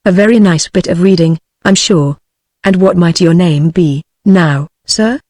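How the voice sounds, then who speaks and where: A man's voice: high voice, no echo, clean studio sound. A synthetic woman's voice reading a shy country farmer. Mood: chatty. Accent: British English. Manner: even, unhurried text-to-speech delivery. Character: shy rustic middle-aged male farmer.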